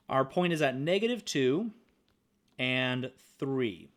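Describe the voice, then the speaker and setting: A man's voice: mid-range voice, expressive, normal speed. A young man teaching a screen-recorded math lesson in an upbeat, playful way, humming and making little sound effects while he works. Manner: upbeat, playful, hums and says "boop" while working.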